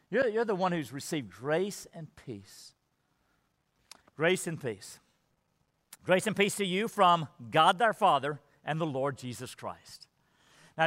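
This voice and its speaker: A man's voice: sits high, fairly bright tone, long reverb tail. A man preaching a sermon, earnest and emphatic, often repeating words as he builds his point.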